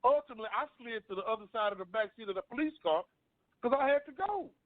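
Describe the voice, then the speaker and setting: A man's voice: very high voice, expressive, fast, no room sound. A man on a talk panel, earnestly telling a long personal story and often repeating himself. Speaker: panel guest. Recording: dry phone-line sound.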